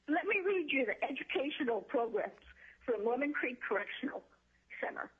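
High-voiced woman testifying over a tinny phone. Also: lively intonation, moderate pace. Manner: emotional, indignant. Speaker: public testifier. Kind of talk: impassioned public testimony. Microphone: telephone.

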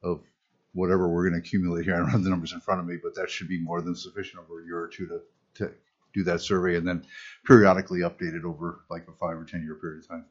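A man serving as a state fisheries commissioner, giving measured, explanatory testimony to a legislative committee. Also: sits low, level tone, breathy edge. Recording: muffled lo-fi hearing audio.

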